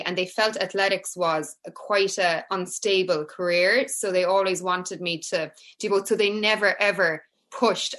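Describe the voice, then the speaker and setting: Irish woman telling lively stories. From Ireland. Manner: animated, acts out her mother in high pitch. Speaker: guest, former Olympic athlete. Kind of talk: casual interview storytelling.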